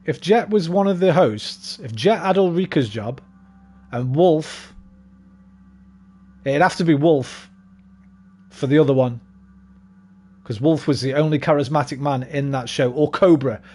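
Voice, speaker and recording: A man's voice: fairly high pitch, a little slow, long pauses, darkish tone. A young man rambling casually and swearing freely while streaming a game. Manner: rambling, sweary, laid-back. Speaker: gaming streamer. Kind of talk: casual chat while gaming.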